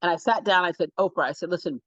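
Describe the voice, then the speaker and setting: A woman's voice: lowish voice, rapid-fire. A woman talk-show host tells stories as an interview guest and acts out the voices in them. Her voice sounds dull and close. There is no room echo around it. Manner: animated, acts out quotes in different voices. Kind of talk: storytelling interview chat.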